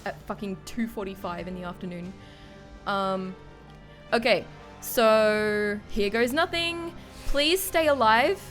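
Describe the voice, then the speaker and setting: A woman's voice: medium pitch, slow. A tipsy woman streaming a game, cursing, muttering to herself and chat, now and then breaking into panicked shrieks. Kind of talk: live gameplay commentary. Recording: game music clearly under the voice. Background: game music.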